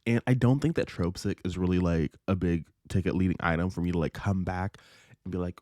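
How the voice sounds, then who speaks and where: A man gives a casual book recap to camera, telling the story with animated, profane flair. His voice sits close to the mic in a dry, dead space. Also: deep voice, a little fast, no echo. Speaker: book vlogger.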